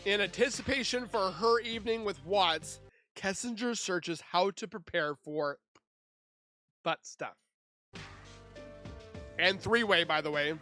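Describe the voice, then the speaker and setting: Guy w/ a pretty high voice reading a timeline out loud, snarky little comments between, faint music under it. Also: measured pace, long pauses. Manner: sarcastic, scornful asides. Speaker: true crime YouTuber.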